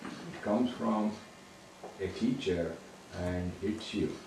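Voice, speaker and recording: A deep-voiced man reads a text aloud slowly and with care. His tone is dark and mellow. He sits far from the mic in a very echoey room with faint ambient noise behind him. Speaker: student reading aloud.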